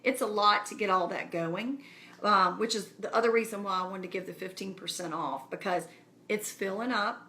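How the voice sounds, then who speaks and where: Woman chatting to her viewers, bright voice, earnest and encouraging. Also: mid-range voice, moderate pace. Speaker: speaker addressing her community. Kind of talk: casual live-stream address.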